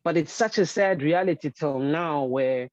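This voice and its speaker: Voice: mid-range voice, normal speed, darkish tone, dry recording, muffled recording. An earnest panelist speaks in a panel discussion, often repeating words while searching for the next thought.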